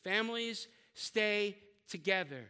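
A man's voice: sits high, lively intonation, slow pace, bright, forceful tone, clean tone, long reverb tail. An older man preaching a sermon as pastor, talking in a conversational way with joking asides and often repeating words as he searches for them.

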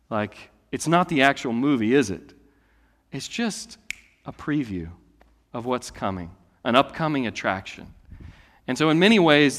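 A pastor in his late thirties preaches with an easy, conversational delivery, rising to loud declarations and dropping to hushed asides. His voice sits at an ordinary male pitch. It rings through a hall with a long reverb tail. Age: late 30s. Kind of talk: sermon.

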